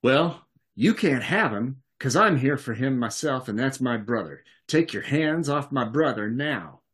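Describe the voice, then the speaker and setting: A man's voice: medium pitch, lively intonation, unhurried, fairly bright tone, voice pushed up. A man voicing an angry man who demands his brother back with threats. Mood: threatening.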